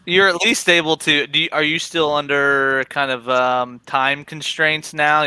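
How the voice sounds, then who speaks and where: A man's voice: on the high side, steady tone, measured pace, few pauses, pushed and bright, smooth, no echo, poor audio. A man hosting a casual live stream, reading an article aloud and chatting with a guest in a laid-back way.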